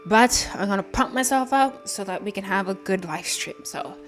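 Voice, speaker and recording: A woman's voice: mid-range voice, moderate pace. A tired woman streamer chatting casually on a live stream, rambling with lots of fillers. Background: background music.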